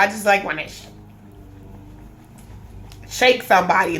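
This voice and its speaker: A woman's voice: on the high side, moderate pace, long pauses, fairly bright tone. Emphatic woman giving a tarot reading. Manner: emphatic and repetitive, restating lines and thinking aloud. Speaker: tarot reader. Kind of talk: casual spoken tarot reading to camera.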